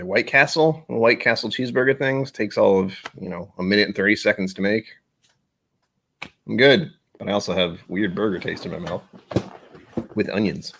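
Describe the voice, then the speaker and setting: A man's voice: low-pitched, vocal fry, a bit bright, slightly rough. A man hosting a casual whiskey live stream, rambling and self-deprecating as he gets sidetracked.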